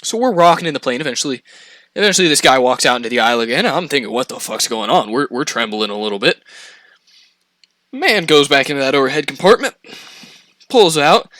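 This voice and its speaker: Brief: young man, lively swooping storyteller with a slightly high, bright voice, dry close sound. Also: fairly quick, long pauses, no echo. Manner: animated, profane, laughs through the telling. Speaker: podcast storyteller. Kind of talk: casual storytelling chat.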